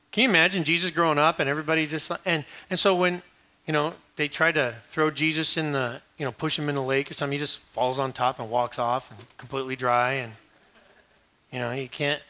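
A man's voice: fairly high pitch, brisk. A man giving a sermon, joking and acting out voices as he tells the story. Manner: animated, joking storyteller who acts out quoted voices. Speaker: pastor.

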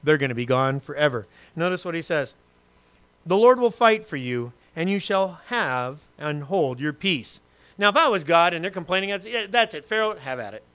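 Bright, animated preaching man. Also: a little high, moderate pace, smooth. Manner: animated, acts out quotes and asides with humor. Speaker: pastor. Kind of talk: sermon.

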